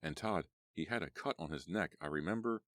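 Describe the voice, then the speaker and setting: A man voicing an anxious teenage boy in an audiobook, speaking in rapid, urgent pleas. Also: very deep voice, a bit bright, no room sound. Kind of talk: audiobook character voice.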